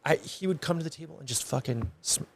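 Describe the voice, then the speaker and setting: A man in casual podcast chat as a chef host, swearing freely and telling stories with animated energy. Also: fairly high pitch, fast talker, creaky, a little hiss or hum. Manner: profane, animated storytelling.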